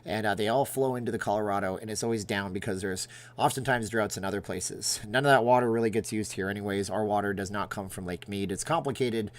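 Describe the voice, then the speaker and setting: A man's voice: fairly low pitch, fast, few pauses. A middle-aged man hosting a casual livestream from Las Vegas, chatting sarcastically and answering viewers' questions. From Las Vegas, Nevada. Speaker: livestream host.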